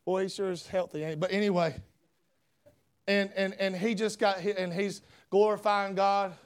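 A man preaching a sermon, loud and folksy with fervent emphasis. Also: high-pitched, level tone, normal speed, clean tone. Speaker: pastor.

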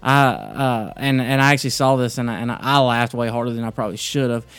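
A man hosts a casual devotional talk, halting and restarting often as he tells a joke and then talks through scripture. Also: mid-range voice, lively intonation, a bit bright, smooth, no room sound. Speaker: podcast host.

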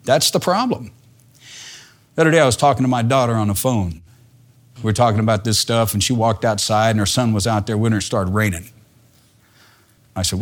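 A man's voice: mid-range voice, a little fast. Folksy older man preaching, earnest. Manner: earnest, folksy, swings from soft asides to raised emphatic lines. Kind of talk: sermon.

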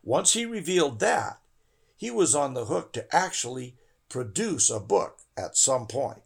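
Man, gravelly husky voice, lively pitch, earnest devotional podcast talk. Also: a little slow. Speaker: podcast host. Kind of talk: scripture study podcast talk.

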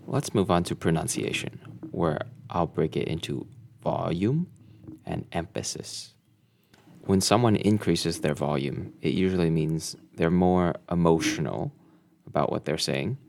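A man giving a scripted lesson in a measured, deliberate way. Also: deep voice, gravelly, darkish tone. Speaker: instructor.

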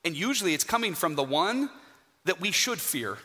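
Man, sermon, lively pitch, bright voice, church hall reverb. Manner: animated, emphatic preaching with dramatic pauses. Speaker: guest preacher. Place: church sanctuary.

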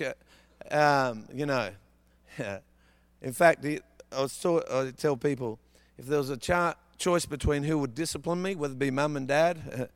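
A man delivers a sermon with a smooth, resonant voice that sits a little high for a man. He preaches as a guest speaker and tells funny childhood stories in a chatty way. The sound is dry and close. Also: a bit bright, no room sound. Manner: humorous anecdotal storytelling.

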